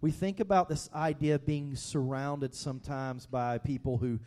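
A man preaching a sermon in an animated way, sometimes shouting and sometimes going soft, acting out the quotes he tells. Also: medium pitch, normal speed. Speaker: pastor.

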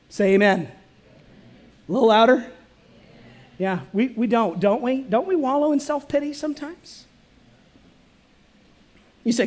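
A male pastor preaching a sermon in church, calling on the congregation to respond and swinging from loud to hushed. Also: very high-pitched.

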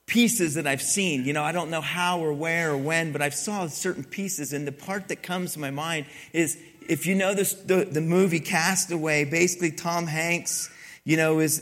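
Rambling preacher man, slightly high voice. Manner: rambling storytelling, swings from soft to loud when retelling scenes. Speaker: pastor. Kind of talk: sermon.

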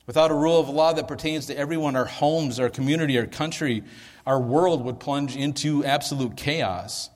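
A man preaching a sermon, playful and energetic as he leads the congregation in gestures. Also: mid-range voice. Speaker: pastor. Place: large hall, church sanctuary. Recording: long hall reverb.

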